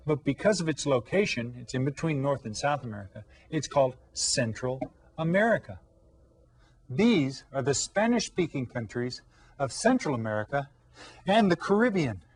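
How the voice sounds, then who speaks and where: A man teaching an elementary language lesson, patient and encouraging, pausing to ask children questions. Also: a little high.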